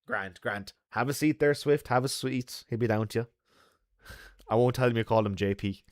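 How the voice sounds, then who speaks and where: A man's voice: mid-range voice, moderate pace, no echo, studio quality. A man with an Irish accent chatting casually with viewers from a bar, joking and laughing often. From Ireland. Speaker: host. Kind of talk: casual live chat with viewers.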